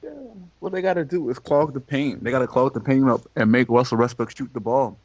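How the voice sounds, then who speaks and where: A man talking sports quickly and bluntly on a podcast, with a slangy delivery. The sound is dry, muffled and lo-fi. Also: mid-range voice, darkish tone, no echo. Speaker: podcast co-host. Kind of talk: casual sports talk.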